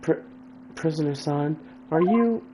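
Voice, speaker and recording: A man's voice: on the high side, animated, unhurried, rough recording. Man reading a hesitant polite young lawyer. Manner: hesitant, stammering. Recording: game music behind.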